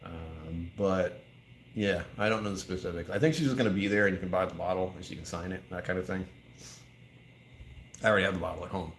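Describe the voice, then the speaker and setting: A man's voice: deep voice, brisk, slight background noise. A man hosting a casual live vlog from a whiskey store aisle, thinking aloud and laughing often. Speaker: whiskey channel host.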